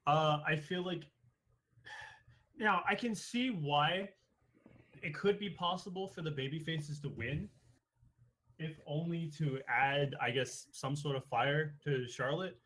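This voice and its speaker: A young man hosting a casual podcast chat, running the segments and musing in a drawn-out way. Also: fairly high pitch, fairly bright tone. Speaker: podcast host.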